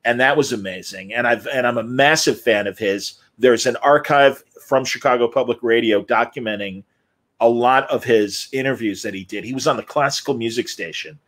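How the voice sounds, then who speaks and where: A man's voice: medium pitch, normal speed, a bit bright. A man hosting a live Q&A interview, telling anecdotes animatedly and acting out the people he quotes. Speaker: host.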